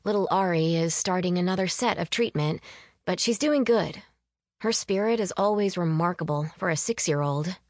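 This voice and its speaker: A woman reading an audiobook, voicing a lively young woman in a raised, playful voice. She keeps the character light and teasing. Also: fairly low pitch, normal speed, no room sound, studio quality, natural voice. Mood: chatty.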